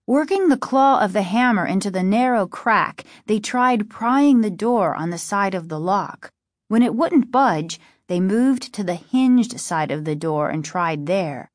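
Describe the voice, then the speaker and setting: A woman narrating a spooky storybook in a measured, steady storytelling manner. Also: medium pitch, dry recording, studio quality. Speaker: audiobook narrator. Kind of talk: scripted narration.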